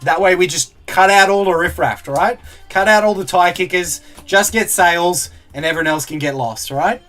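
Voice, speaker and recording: A man's voice: high-pitched, normal speed, fairly bright tone, soft background music. A man streaming as he opens card packs, chatting casually, reading out viewer comments and laughing often. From Australia. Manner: chatty, laughs a lot, reads out chat comments. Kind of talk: casual live-stream chat.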